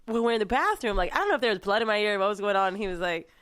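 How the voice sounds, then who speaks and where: A woman's voice: mid-range voice, lively intonation, racing, a bit bright. Woman cohost with a mid-range voice, brash, tells wild stories, studio chat. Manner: brash, storytelling, laughs through her words. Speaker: podcast co-host. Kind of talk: casual chat.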